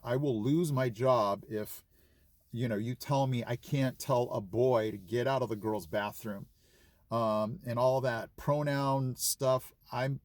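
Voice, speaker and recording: A man's voice: medium pitch, darkish tone, no echo. A man who teaches school and talks earnestly and gratefully to his channel, casual and chatty with fillers. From California. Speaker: vlogger and schoolteacher. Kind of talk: casual vlog talk to camera.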